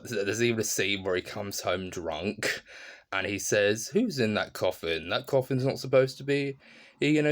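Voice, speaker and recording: A man with a very low voice talks through a film in a casual vlog review. He rambles enthusiastically, circling back and losing his train of thought. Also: a bit bright. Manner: rambling, enthusiastic, many fillers.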